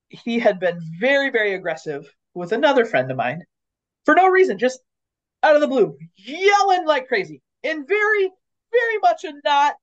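A woman on a podcast talks through leadership in a lively, storytelling way, slipping into the voices of the people she quotes. Her voice sits a touch high. The audio is dull and muffled, like a lo-fi recording. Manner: animated storyteller who acts out quoted lines. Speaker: podcast co-host. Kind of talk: casual conversation on leadership.

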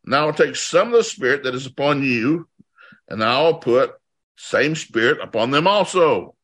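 A man preaching with a bright, forward tone. He reads scripture aloud and breaks off into lively asides. His delivery is animated, at times acting out the people's complaints. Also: medium pitch, normal speed. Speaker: pastor. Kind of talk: sermon with scripture reading.

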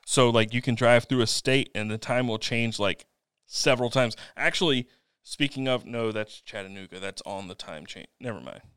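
A man's voice: mid-range voice, moderate pace, a bit bright, smooth, dry recording. A man co-hosting a casual podcast, talking in a dry, matter-of-fact way. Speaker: podcast co-host.

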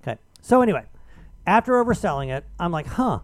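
A radio host man tells a heated story in a high, restless voice. His pitch leaps all over as he argues his case. The sound is dry and close. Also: quick pace, no echo. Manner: animated, argumentative storytelling. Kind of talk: casual chat.

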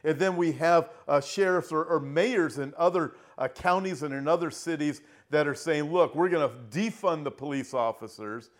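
Earnest preaching man, a bit high. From Southern California. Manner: earnest, emphatic, slows down and rises when reading scripture. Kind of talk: online prophecy sermon.

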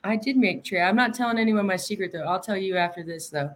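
A woman's voice: mid-range voice, quick pace. Giggly woman in casual chat. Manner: giggly, self-deprecating, trails off and restarts.

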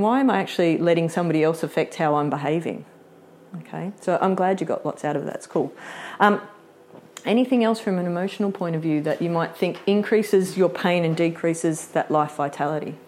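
A chatty, middle-aged woman teaches a live workshop in a fairly low voice. She laughs easily and slips into acted-out quotes as she explains. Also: fairly quick, a little mellow. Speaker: workshop presenter.

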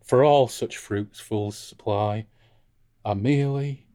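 A man's voice: lowish voice, slow pace, mellow. A man reading aloud as a vain, shifty male playwright with grandiose, affected lines.

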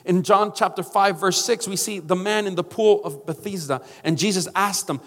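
A man's voice: sits high, moderate pace, big-room sound. A male pastor preaching a sermon emphatically, calling out to his congregation.

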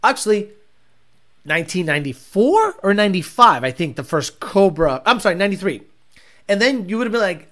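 Profane rambling man with lively pitch. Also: moderate pace. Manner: rambling, profane, laughing often. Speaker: livestream host reading chat. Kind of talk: casual livestream chat.

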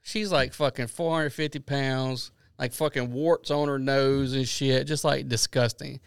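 Gravelly profane man telling stories. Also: medium pitch, fairly even intonation, measured pace, no room sound. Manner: profane storyteller, acts out voices in anecdotes. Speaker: podcast co-host. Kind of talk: casual crude banter.

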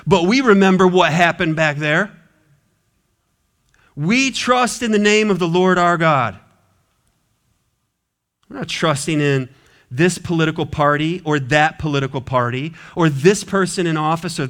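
Pastor guy preaching, earnest and kinda repetitive, voice sits a bit high. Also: a bit bright. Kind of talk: sermon.

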